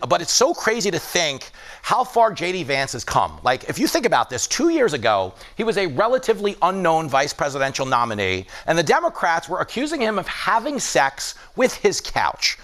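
Man, late-night comedy monologue, jokey quick delivery, very high lively voice, gravelly edge. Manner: quick jokey delivery, voices other people, laughs at own jokes. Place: studio with live audience. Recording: audience laughter and noise behind.

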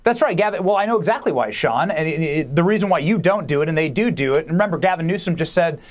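A man with a fairly high voice speaks as a guest commentator on a news show. He argues emphatically and quickly, preaching his point with rising conviction. His delivery is pointed and sure of itself. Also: lively intonation. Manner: emphatic, preachy and fast-talking. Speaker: podcast host and guest commentator. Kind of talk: political commentary.

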